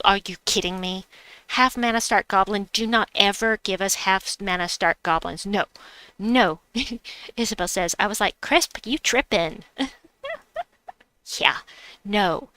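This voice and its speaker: Middle-aged lady streaming a game, chatty and giggly, crisp smooth voice, super dry mic. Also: mid-range voice, a little slow, sharp tone, dry recording. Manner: chatty, giggly, self-mocking. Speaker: livestream gamer host. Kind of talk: casual live-stream chat, reading chat aloud.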